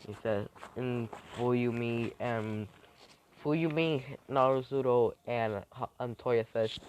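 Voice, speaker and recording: A man narrating an improvised fan-fiction story, halting and making it up as he goes. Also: mid-range voice, steady tone, slight background noise.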